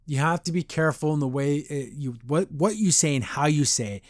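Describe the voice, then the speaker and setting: A male podcast host reviews a cartoon episode in a loose, rambling style, frequently acting out characters' lines in over-the-top voices. He has a fairly high pitch and talks fairly quickly, recorded dry with studio quality.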